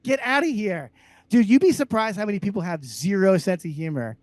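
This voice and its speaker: A man co-hosting a comedy podcast, ranting loudly and sarcastically with heavy profanity. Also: sits high, lively intonation, fairly quick, dry recording. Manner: loud, abrasive, sarcastic. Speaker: podcast co-host.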